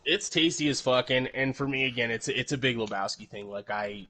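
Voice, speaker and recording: A man hosting a casual podcast in an ordinary mid-pitched voice. He rambles and doubles back on himself, and he swears freely as he goes. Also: steady tone, brisk, pushed and bright. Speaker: podcast host.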